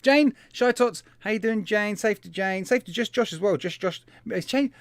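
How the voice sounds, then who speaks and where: A man's voice: high-pitched, normal speed, no room sound. A man hosting a live stream, chatting in a casual, upbeat way and greeting viewers one by one. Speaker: host of a vaping live stream.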